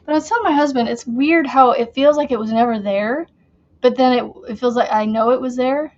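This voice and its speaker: A woman's voice: a little high, fairly even intonation, normal speed, muffled recording. A woman hosting a casual crochet livestream from her chair at home, chatty and giggly, a bit out of breath as she talks to viewers. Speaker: crochet channel host.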